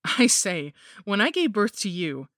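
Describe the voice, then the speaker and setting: A woman's voice: medium pitch, very animated, unhurried, fairly bright tone, dry recording, clean studio sound, voice pushed up. A woman voicing a cruel, cackling old mother-in-law with a sugary, cooing manner.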